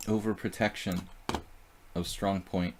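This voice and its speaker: A man's voice: sits low, little pitch movement, a little slow, background noise. A man streaming live chess, thinking aloud about his moves and chatting casually with viewers.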